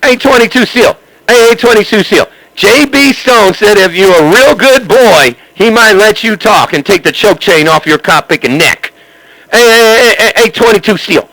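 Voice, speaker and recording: A man's voice: sits high, expressive, moderate pace, pushed and bright. A man trash-talking over a CB radio, taunting and repeating himself, with a crackly radio sound. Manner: taunting, repetitive, laughing. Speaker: CB radio operator.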